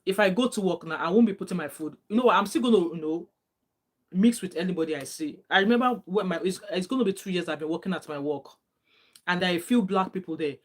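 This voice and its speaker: A woman's voice: lowish voice, fast talker. Chatty Nigerian-accented woman vlogger. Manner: chatty storytelling with Nigerian Pidgin phrases and frequent restarts. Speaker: vlogger reading viewer comments. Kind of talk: casual chat.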